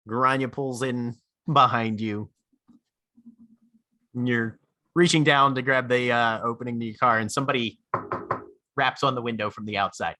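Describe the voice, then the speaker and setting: A man's voice: mid-range voice, pushed and bright, no room sound. A man narrating as game master for a tabletop game, loose and profane, often laughing.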